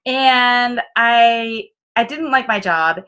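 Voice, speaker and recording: A woman's voice: fairly high pitch, slow, sharp tone, smooth, poor audio. A woman from the Midwest with a Midwestern accent, telling candid, self-mocking stories in an interview. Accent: Midwestern American. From American Midwest. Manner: chatty and self-mocking, full of fillers and quoted asides. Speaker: business consultant guest.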